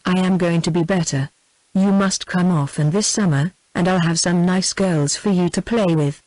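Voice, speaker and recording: A woman's voice: fairly low pitch, normal speed, a little mellow, no echo, poor audio. Synthetic British woman reading a wistful married woman. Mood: plain. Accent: British English. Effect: synthetic text-to-speech voice.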